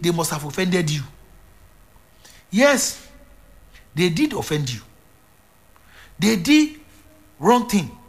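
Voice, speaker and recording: Emphatic preacher man, high voice. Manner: emphatic, repetitive preaching with swings from loud to hushed. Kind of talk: sermon.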